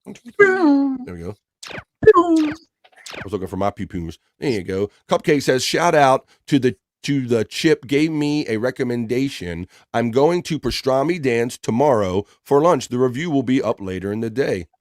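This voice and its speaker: A man's voice: mid-range voice, expressive, normal speed, hardly any pauses, a little mellow, no echo, studio quality. A man hosting a live stream, chatting casually and reading out viewer comments with upbeat greetings by name.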